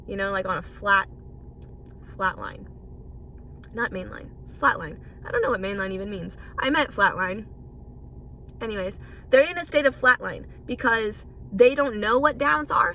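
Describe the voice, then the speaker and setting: A woman's voice: mid-range voice, normal speed, pushed and bright, slight background noise. A young woman hosting a casual solo podcast, rambling and swearing freely as she talks. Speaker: podcast host.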